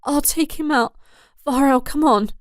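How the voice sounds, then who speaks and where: Brief: storybook heroine, young woman, desperate and pleading, pitched high, voiced by a woman reader. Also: measured pace, no echo, clean studio sound.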